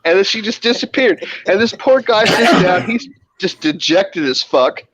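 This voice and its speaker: A lively, swinging man's voice tells wild hospital stories in a loose group chat, swearing and acting out patients. The sound is dry and close, a little dull in the highs. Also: normal speed, no room sound. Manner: animated, swearing, acts out voices in his stories. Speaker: hospital emergency room worker. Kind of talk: casual group chat, storytelling.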